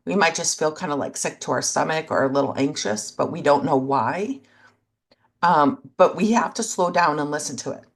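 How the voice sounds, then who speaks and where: A woman co-hosting a relationship podcast in gentle, reflective casual conversation, speaking in short thoughtful phrases. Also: deep voice, normal speed, gravelly. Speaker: podcast co-host.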